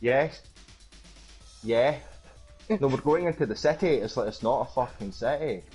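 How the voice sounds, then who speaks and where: A man's voice: medium pitch, unhurried, darkish tone, soft background music. A Scottish man chatting casually on a gaming stream, sardonic and swearing freely. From Scotland.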